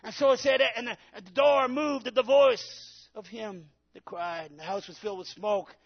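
A man preaching a Pentecostal sermon, shouting at the peaks and calling out to the congregation for answers. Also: extremely high pitch, normal speed, breathy edge, highs cut off. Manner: preaches with rising shouts and call-and-response. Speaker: pastor.

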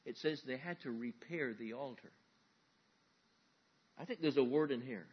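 A man's voice: mid-range voice, normal speed, breathy edge, dull audio. A male pastor giving a sermon in a folksy, conversational way, full of everyday examples.

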